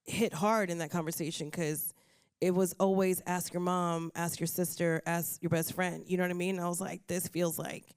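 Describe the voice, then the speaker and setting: A woman's voice: on the low side, normal speed, smooth, dry recording. A woman comedian and show creator on a stage panel, speaking bluntly with profanity and acting out her stories. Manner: blunt, profane, animated storytelling. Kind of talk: casual panel conversation. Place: auditorium stage.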